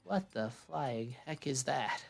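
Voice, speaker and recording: A man voicing a prim, overly polite person in a slow, mock-proper way. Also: mid-range voice, lively intonation, creaky, soft background music.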